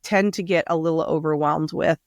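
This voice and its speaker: A woman's voice: low voice, fairly even intonation, fairly quick, darkish tone, no echo, studio quality. A woman co-hosting a podcast in casual chat, rambling and chatty, laughing often. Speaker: podcast co-host.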